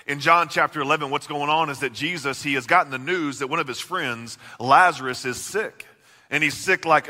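A man preaching a sermon, swinging from loud, emphatic lines to hushed, intimate questions. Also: a little high. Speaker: pastor. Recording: long reverb of a large hall.

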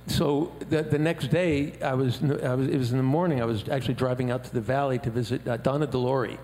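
A man talks through his stories in a relaxed, animated way, slipping into other people's voices whenever he quotes them. His voice carries a long reverb, as if recorded in a large hall. Faint background noise sits under everything. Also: mid-range voice, fast. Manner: animated storyteller who acts out quoted voices. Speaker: musician guest. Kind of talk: casual chat.

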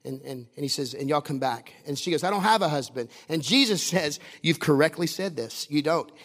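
Male pastor, high voice, jokey conversational sermon, long church reverb. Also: lively intonation, fairly quick, fairly bright tone. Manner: conversational, joking preaching with asides to the congregation.

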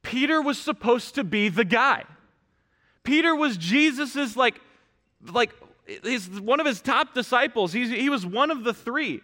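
Bright-voiced earnest male preacher. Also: very high-pitched, lively intonation, measured pace, long reverb tail. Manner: earnest, direct address with frequent restarts. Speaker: pastor. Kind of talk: sermon. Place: church sanctuary.

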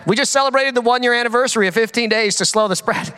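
A man preaching a sermon as pastor, telling stories with quick jokes and frequent fillers. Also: extremely high pitch. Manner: animated storytelling with quick jokes. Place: large church hall. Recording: long hall reverb.

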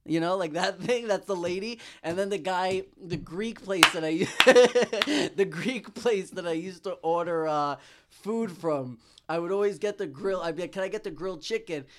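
A man's voice: high voice, measured pace, fairly bright tone, slight background noise. Dude in his 30s rambling on a podcast, lots of likes and swears. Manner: rambling, full of fillers and swearing, breaks into impressions. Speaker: podcast guest. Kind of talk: casual chat.

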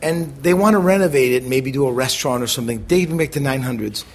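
Husky guy chatting about his kitchen days, lively storyteller, mid-range voice. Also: medium pitch. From United States. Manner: animated, acts out quoted voices, quick bursts. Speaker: chef, interview guest. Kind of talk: conversational storytelling.

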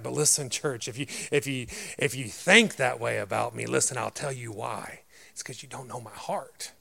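A man delivers a sermon in a loud, grumbly voice with a gravelly edge. He speaks directly and emphatically to the congregation. He keeps asking rhetorical questions and answers them himself. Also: medium pitch, normal speed, few pauses. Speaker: pastor.

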